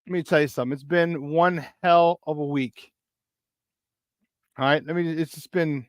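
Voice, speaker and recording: A male sports talk host with a slightly high voice on a dry, close recording. He calls out viewers by name with loud excitement, then sinks into low, weary grumbling between shout-outs. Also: a little slow, long pauses, dry recording. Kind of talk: casual morning sports talk show.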